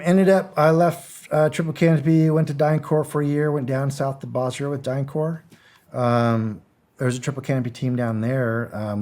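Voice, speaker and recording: Blunt middle-aged man telling war stories. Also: mid-range voice. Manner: animated storyteller, acts out quotes, chuckles; blunt, swears casually. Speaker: guest, former security contractor. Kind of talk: casual storytelling interview.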